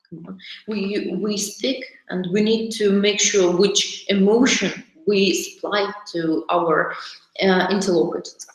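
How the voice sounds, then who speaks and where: A woman's voice: mid-range voice, fairly bright tone. A woman teacher trainer presenting classroom activities to a group of teachers, explaining step by step with frequent fillers and restarts. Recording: very echoey room.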